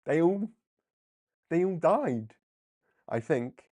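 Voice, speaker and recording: A comic book livestream host reviews comics live in casual commentary, with a fairly high-pitched voice. He's animated and laughing, acting out characters in quick asides.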